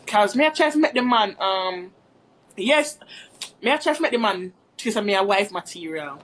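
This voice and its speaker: A woman's voice: medium pitch, lively intonation, normal speed, a bit bright. A woman telling a rambling, chatty story to her viewers in a casual storytime vlog. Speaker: vlogger.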